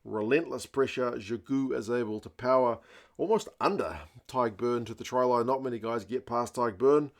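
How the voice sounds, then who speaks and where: A man's voice: mid-range voice, normal speed. A young man hosting a casual rugby match review, chatty and conversational, using fillers and mild slang. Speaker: rugby channel host.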